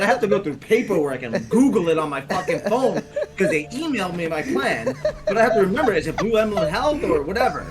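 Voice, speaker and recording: A gamer ranting animatedly in casual chat over gameplay, swearing a lot. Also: medium pitch. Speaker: gameplay commentator. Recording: noisy recording.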